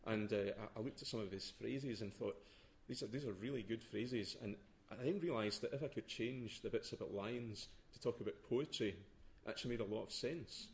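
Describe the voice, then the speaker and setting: A man's voice: on the low side, brisk, hardly any pauses. A man explaining the story behind a poem, talking casually with lots of hesitations and restarts. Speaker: poetry blogger. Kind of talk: casual talk before a reading.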